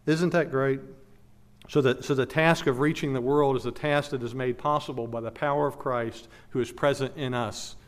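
A man's voice: mid-range voice, steady tone, moderate pace. A man preaching an expository sermon as pastor, earnest and emphatic, repeating key phrases, then leading a prayer.

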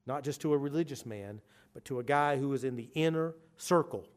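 A man preaching a sermon, moving from quiet explanation to urgent, emphatic declarations. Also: mid-range voice, normal speed. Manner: emphatic, swings from quiet asides to urgent loud stresses.

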